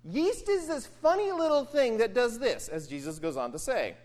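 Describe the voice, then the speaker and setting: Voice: medium pitch, normal speed. A pastor preaching in a casual, conversational way, often checking in with the listeners by asking "right?". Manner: animated, often asks "right?". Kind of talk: conversational sermon.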